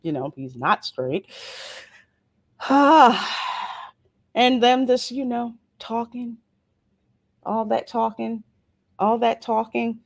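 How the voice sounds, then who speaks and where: A woman hosting a casual solo livestream review of a TV episode. She reads viewer comments aloud and answers them in a relaxed, playful way with frequent asides. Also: fairly high pitch, slow, vocal fry, no echo. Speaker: host of a show review channel.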